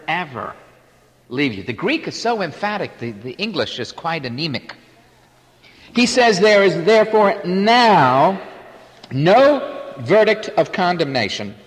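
A man preaching a sermon, emphatic, swinging between loud declarations and quiet asides. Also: on the high side. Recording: hall reverb.

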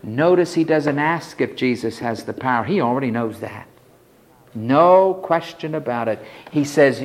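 A man's voice: mid-range voice, expressive, measured pace. A man preaching an expository sermon with dramatic emphasis, acting out the pleas of the figures in the text. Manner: dramatic, voices the leper's pleas.

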